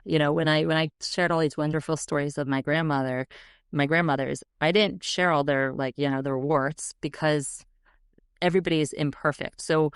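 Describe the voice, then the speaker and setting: A woman educator and author speaking as a podcast guest, animated and often acting out quoted voices. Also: sits low, clean tone, no echo, clean studio sound. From United States. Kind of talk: podcast interview.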